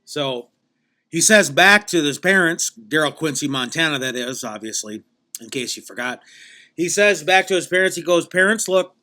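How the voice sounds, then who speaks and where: Bright-voiced man rambling a tall tale. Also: on the high side, moderate pace. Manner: meandering, self-correcting, deadpan tall tale. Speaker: podcast host. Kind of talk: rambling comic storytelling.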